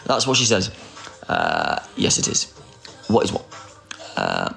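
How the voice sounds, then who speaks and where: A man's voice: deep voice, wildly swooping pitch, slow, creaky, fairly bright tone, soft background music. Teasing, sing-song man in his forties. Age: 40s. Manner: teasing, flirty, sarcastic and self-mocking. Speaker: livestreamer. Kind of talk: casual live chat.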